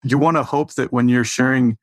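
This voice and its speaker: A man with a mid-range voice who explains things steadily in a relaxed business chat. The recording is dry and close. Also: medium pitch, fairly quick, dry recording. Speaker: co-host, marketing team member.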